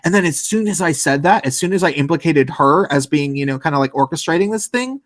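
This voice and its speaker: A man's voice: on the high side, animated, fast talker, no echo. A man telling a long, rambling story in casual podcast chat, full of fillers and swearing.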